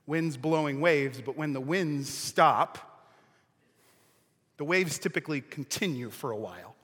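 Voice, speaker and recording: Animated, bright-voiced preacher in a reverberant hall. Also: male voice, a little high. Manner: animated storytelling with humor. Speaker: pastor. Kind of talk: sermon.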